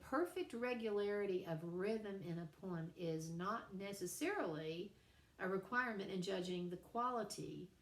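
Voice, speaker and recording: A middle-aged woman teacher giving a recorded class lecture, chatty with playful asides and frequent fillers. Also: lowish voice. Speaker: writing teacher. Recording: echoey room.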